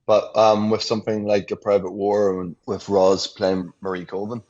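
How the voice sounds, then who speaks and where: A man in his forties, a guest actor in a casual radio conversation, reflective and quick to laugh. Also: lowish voice, flat delivery, darkish tone, muffled recording. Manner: reflective, laughs often, many restarts.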